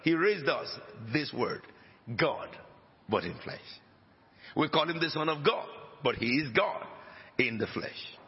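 A man's voice: a little high, lively intonation, measured pace. A man preaching a sermon as pastor, emphatic, with dramatic rises and drops in his voice. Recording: dull lo-fi recording with long hall reverb.

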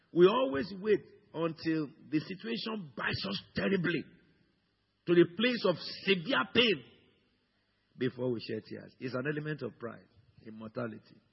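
A male pastor from Africa preaching a sermon with a husky, gravelly voice, swinging from low murmurs to loud, high exclamations. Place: church in London. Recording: dull sound with long hall reverb.

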